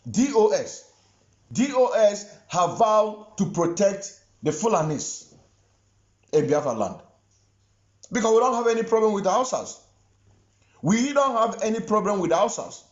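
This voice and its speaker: A man's voice: high voice, big pitch swings, unhurried, long pauses, echoey room, highs cut off. A man with a Nigerian Igbo accent giving impassioned online commentary, stressing his points by repeating phrases. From southeastern Nigeria. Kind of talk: impassioned social media commentary.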